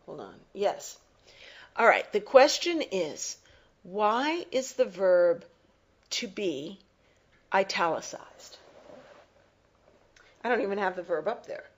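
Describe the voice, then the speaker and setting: Slow, deliberate woman teacher. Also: mid-range voice, lively intonation, rough recording. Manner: slow, deliberate, pausing to explain and reread. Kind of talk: slow close-reading lesson.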